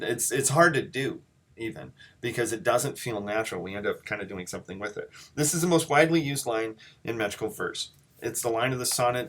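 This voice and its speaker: Relaxed man teaching a recorded poetry lecture. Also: mid-range voice. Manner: casual, explanatory, says stressed words out loud to demonstrate. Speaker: college poetry instructor.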